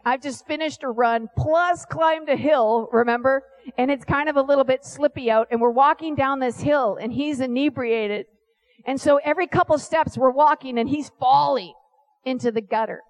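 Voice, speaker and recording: A woman preaching a sermon, telling stories with lively asides and acting out the voices of people she quotes. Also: high-pitched, moderate pace. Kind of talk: animated sermon storytelling.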